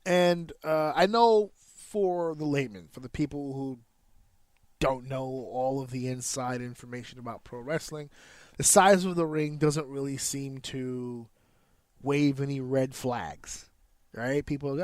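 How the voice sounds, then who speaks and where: A man's voice: mid-range voice, measured pace, a little mellow, no room sound. A man, a wrestler hosting a podcast, explains in a casual, profane monologue, counting out rhythms with sound effects.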